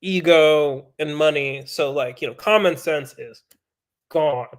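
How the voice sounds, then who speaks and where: High-voiced, profane, animated storyteller man. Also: slow. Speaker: podcast guest. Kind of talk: casual storytelling.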